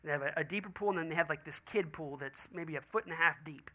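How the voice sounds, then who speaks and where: A man's voice: a little high, fast talker. A man, a pastor preaching a sermon and telling stories in acted quoted voices. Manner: animated storytelling with quoted voices.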